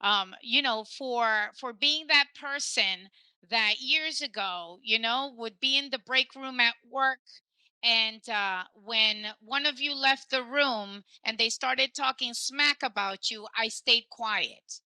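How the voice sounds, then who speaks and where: A woman's voice: a little high, takes it slowly, pushed and bright, clear, resonant tone, no echo, rough recording. A woman hosting a casual podcast conversation, telling stories animatedly and dropping in Spanish phrases. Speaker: podcast host.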